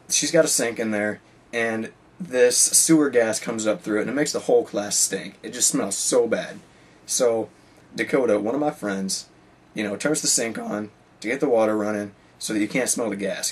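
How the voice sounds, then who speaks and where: Rambling teenage boy, husky and low. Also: normal speed, distant mic. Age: teens. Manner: rambling, lots of "like" and "you know". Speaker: high school student. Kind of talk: casual storytelling.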